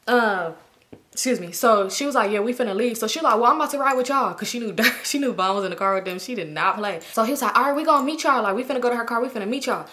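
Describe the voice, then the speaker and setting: A woman, telling a story in a casual vlog and acting out everyone's lines with big jumps in her voice. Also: racing. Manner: animated, acts out quotes with big pitch jumps. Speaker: storytime vlogger.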